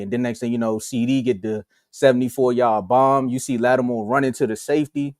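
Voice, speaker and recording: A man co-hosting a sports talk show in casual, animated, slangy chat over a video call. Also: mid-range voice, brisk, few pauses, no room sound, clean studio sound. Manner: animated, slangy, acts out quotes.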